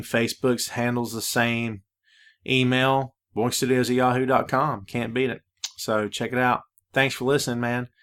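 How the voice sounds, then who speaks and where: A man's voice: medium pitch, fairly bright tone. Laid-back man hosting a podcast. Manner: laid-back, preachy, says "man" a lot. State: out of breath. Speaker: podcast host. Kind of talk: casual solo podcast monologue.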